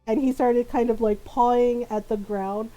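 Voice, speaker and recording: A woman's voice: on the high side, steady tone, moderate pace, warm tone, lo-fi sound. A woman streamer telling a family story in casual chat, laughing often and leaning on "like" and "right?". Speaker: live streamer.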